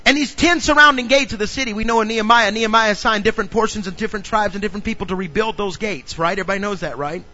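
A male pastor preaching a sermon in an animated way, often questioning the congregation. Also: high voice, rapid-fire, few pauses, dull audio.

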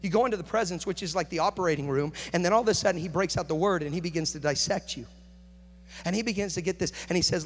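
A man preaching a sermon, moving between quiet, confiding talk and loud, rising passion. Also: high voice, quick pace. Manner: builds from hushed to shouting intensity. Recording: echoey hall with faint hum.

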